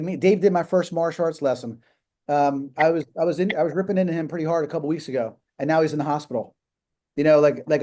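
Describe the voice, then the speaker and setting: A man in his fifties hosts a live video call and talks off the cuff, emphatic and rambling, full of restarts and fillers. His voice sits a little high but sounds dark and mellow. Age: 50s. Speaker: host of a live business call. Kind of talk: casual motivational talk.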